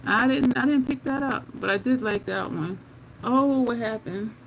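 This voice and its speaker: A woman's voice: fairly high pitch, moderate pace, gravelly, background noise. A woman beauty vlogger in casual chat while doing her makeup, answering viewer comments and laughing often.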